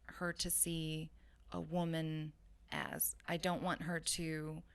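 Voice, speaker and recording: This guest fashion designer, a woman in her thirties from the San Francisco Bay Area, speaks slowly in a low-pitched voice with a flat delivery and a clear, resonant tone. She shares her story in a relaxed interview, chatty and open, with frequent laughter and fillers.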